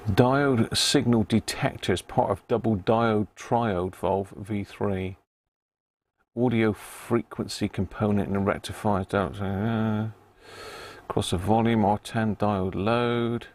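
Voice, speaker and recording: A man's voice: lowish voice, creaky, darkish tone. A middle-aged man with a Devon accent, hosting a live stream as he repairs a radio, muttering readings to himself and chatting casually with viewers. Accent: Devon English. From Devon, England. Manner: thinks aloud, mutters readings, chats with viewers. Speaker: radio repair livestream host.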